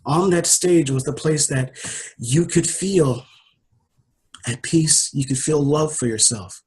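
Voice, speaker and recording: A man voicing a gentle fatherly spirit. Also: fairly high pitch, slow pace, breathy edge, full character voice, rough recording. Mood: tender. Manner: soft, tender, reassuring.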